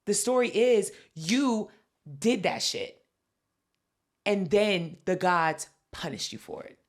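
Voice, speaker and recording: Woman podcast host, casual storytelling, cursing, animated, mid pitch. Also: takes it slowly. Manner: animated, profane, acts out quotes.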